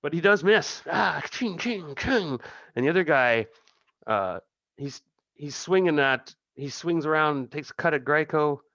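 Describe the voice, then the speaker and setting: A man narrating as game master, chuckling and halting with many restarts. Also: fairly high pitch, expressive, fairly bright tone, no room sound, lo-fi sound.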